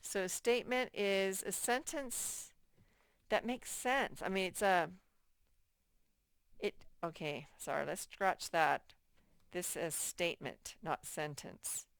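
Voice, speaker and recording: Woman, first-grade teacher, slow patient delivery, smooth clear voice, dry close recording. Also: lowish voice, animated, no room sound. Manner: slow, patient, repeats key points, reads examples aloud very slowly. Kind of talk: recorded workbook lesson for children.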